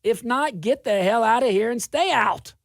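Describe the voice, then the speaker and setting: A middle-aged man from South Louisiana hosting a political talk show, delivering a sarcastic, animated monologue with frequent laughs. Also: extremely high pitch, normal speed, gravelly, no room sound, studio quality.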